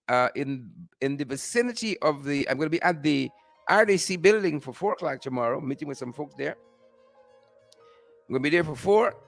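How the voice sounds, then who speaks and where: Gravelly Guyanese man greeting viewers. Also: fairly high pitch. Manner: repetitive, upbeat shout-outs to viewers. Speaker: host. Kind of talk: live-stream greeting viewers. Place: outdoors.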